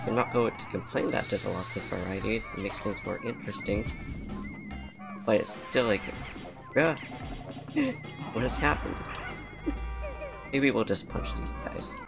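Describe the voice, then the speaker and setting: A man's voice: fairly low pitch, very animated, measured pace, gravelly, long pauses. A man giving casual, rambling gameplay commentary, laughing often and using slang. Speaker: let's play commentator. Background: game music.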